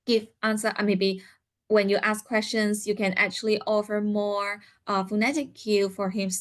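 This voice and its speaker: Woman explaining to parents, many fillers. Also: medium pitch. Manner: explains step by step, many "uh" fillers, acts out parent and child lines. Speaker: parent seminar speaker. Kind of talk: teaching parents in a seminar.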